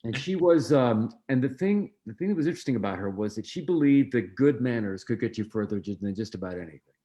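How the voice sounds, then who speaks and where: A man guesting on an interview, telling family anecdotes in a relaxed way, acting out quoted voices, with frequent ums and restarts. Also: mid-range voice, fast, dull audio. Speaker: interview guest, film producer. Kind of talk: storytelling in a conversational interview.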